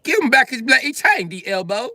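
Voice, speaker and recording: A man's voice: very high-pitched, wildly swooping pitch, slow, bright, forceful tone, breathy edge, dry recording, studio quality, voice pushed up, heavily acted. A man voicing a blustering, swaggering mock-British tough guy who makes heavy-handed threats. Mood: indignant.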